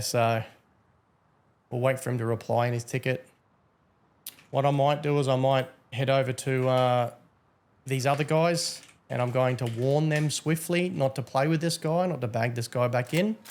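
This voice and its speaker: A young man talks through his game as a server admin, in a sleepy, teasing drawl padded with ums and uhs. His voice has a gravelly, fry-laden edge at an ordinary middle pitch, and a faint hiss sits under the recording. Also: darkish tone. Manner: drawling, chatty, teasing, with many fillers. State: tired, yawning. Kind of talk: casual gameplay commentary.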